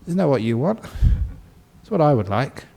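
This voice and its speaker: A man who is a Buddhist monk giving a relaxed, humorous dharma talk and telling a story, often laughing. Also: mid-range voice, measured pace, vocal fry.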